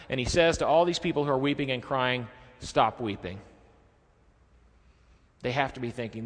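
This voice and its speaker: A male pastor preaching a sermon expressively, dropping his voice low and quiet when he quotes someone. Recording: long hall reverb.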